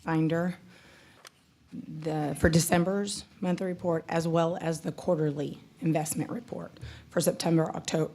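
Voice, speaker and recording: Low-voiced woman treasurer giving report. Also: steady tone, normal speed, warm tone. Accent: Texan. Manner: methodical, walks through report sections with small self-corrections. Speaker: county treasurer. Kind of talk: presenting a financial report at a public meeting.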